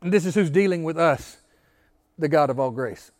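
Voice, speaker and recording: A man's voice: fairly high pitch, animated, normal speed, darkish tone. A male pastor giving an interactive sermon, often asking the congregation questions, repeating key phrases and stammering through restarts.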